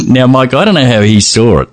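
एक आदमी, पॉडकास्ट होस्ट, जोशीले उतार-चढ़ाव वाली आवाज़ में हँसते हुए बात करता है।. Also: male voice, mid-range voice, moderate pace. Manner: animated, laughing, reads messages aloud. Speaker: podcast host. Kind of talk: casual podcast chat.

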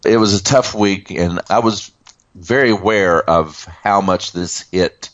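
Man, 60s, podcast co-host, very low voice, loose casual chat, dull dry recording. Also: fairly bright tone, dry recording. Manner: chatty, laughing, with fillers and pauses.

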